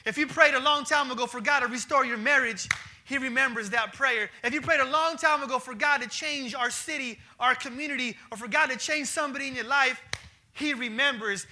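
A man preaching a sermon as pastor in an animated, slangy, conversational manner. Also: extremely high pitch.

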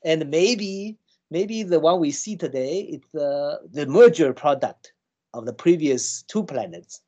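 Halting man explaining with many restarts. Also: a little high, animated, darkish tone. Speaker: scientist guest. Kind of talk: conversational explanation.

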